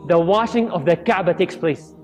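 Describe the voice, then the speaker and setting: A man's voice: high-pitched, normal speed, soft background music. A man giving a storytelling sermon, acting out the voices of people in his stories. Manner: acts out quoted voices in lively storytelling. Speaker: Islamic speaker.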